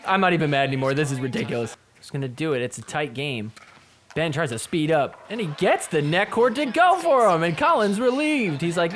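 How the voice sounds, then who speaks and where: Animated man joking through a sports recap. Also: on the high side, slight background noise. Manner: animated, mocking players with quick put-on voices; swears casually. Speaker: podcast host recapping matches. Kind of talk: casual sports recap commentary.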